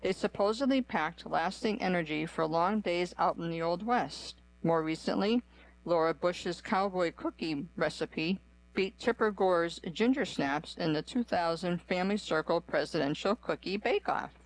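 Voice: medium pitch, normal speed, poor audio. A narrator giving a scripted, evenly read-aloud run through a list.

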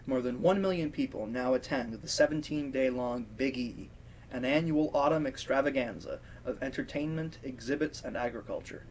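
A man on a radio reading service, reading a history article aloud in a steady, careful way. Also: mid-range voice, slight background noise, poor audio.

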